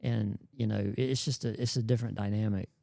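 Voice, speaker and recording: A man's voice: on the low side, fairly even intonation, fast talker, gravelly, warm tone, no echo, clean studio sound. A man, a YouTube creator chatting casually on a podcast, rambling and slangy and often repeating words.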